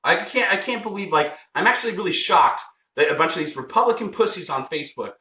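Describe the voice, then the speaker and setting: A man's voice: sits high, lively intonation, fast talker, sharp tone. Fired-up profane man ranting. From United States. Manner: heated, profane, repeats himself. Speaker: vlogger. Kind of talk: angry political rant. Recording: roomy echo.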